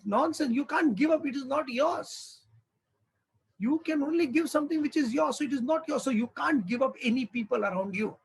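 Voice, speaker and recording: A high-voiced man gives a spiritual discourse on scripture. His voice is husky, and he talks in an animated way. He keeps asking the listeners rhetorical questions. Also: fairly quick, rough recording. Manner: animated, acts out little dialogues, rhetorical questions. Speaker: spiritual teacher.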